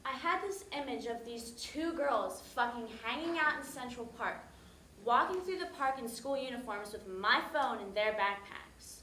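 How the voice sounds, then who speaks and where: A woman's voice: expressive, moderate pace, bright, forceful tone, a little hiss or hum. An actor on stage playing a tired, exasperated young woman who swears casually while telling how she lost her phone. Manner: casual, swearing, acts out shrill calls. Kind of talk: stage monologue. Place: theater stage. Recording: echoey stage room.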